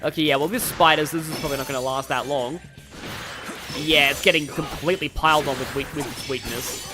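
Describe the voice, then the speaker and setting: A man's voice: on the high side, fairly even intonation, brisk, music in the background. A man giving casual, rambling, jokey commentary while playing a video game. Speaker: gaming YouTuber. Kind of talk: casual let's-play commentary.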